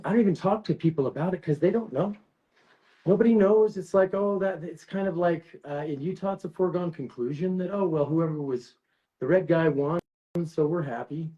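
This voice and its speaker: A man's voice: on the high side, a little mellow, highs cut off. A man hosting a casual livestream, rambling and emotional, often restarting his sentences. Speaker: livestream host.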